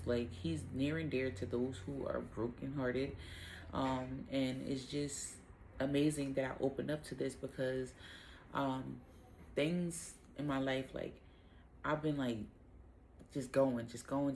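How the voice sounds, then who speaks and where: A woman hosting a casual devotional Bible talk, speaking in a relaxed, rambling way with lots of "um" and "like". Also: very deep voice, a little slow, gravelly, a little hiss or hum, low-quality recording. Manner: relaxed, rambling, heavy use of fillers like "um" and "like".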